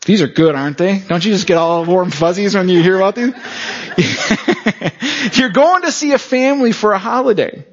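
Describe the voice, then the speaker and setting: A man's voice: sits high, animated, moderate pace. A man preaching a conversational sermon, who often checks in with the congregation through rhetorical questions. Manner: frequent rhetorical check-ins with the audience. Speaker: pastor. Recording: dull lo-fi recording.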